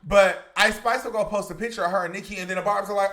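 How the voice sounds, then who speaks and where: A man hosts a celebrity gossip commentary video, talking straight to his viewers. He is chatty and emphatic and keeps calling them "y'all." His voice sits high for a man. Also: fairly even intonation, quick pace, hardly any pauses, pushed and bright. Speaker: commentary YouTuber.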